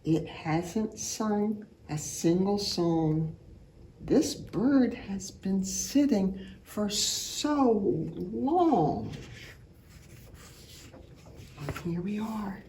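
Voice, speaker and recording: A woman reading a picture book aloud to children, telling the story with animation and imitating bird calls in high, loud chirps. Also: animated, extremely slow, slight background noise. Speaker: children's art program teacher reading aloud.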